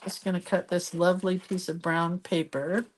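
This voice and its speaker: A woman's voice: lowish voice, level tone, moderate pace. A middle-aged woman hosting a live crafting video, chatting casually as she shows her pages and reads viewer comments aloud.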